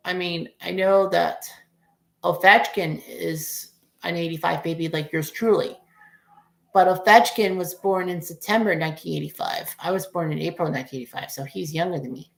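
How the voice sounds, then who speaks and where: A woman's voice: lowish voice, normal speed, vocal fry, echoey room. A woman in her forties giving casual, rambling play-by-play of a baseball game as a fan streamer, cursing at bad plays. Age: 40s.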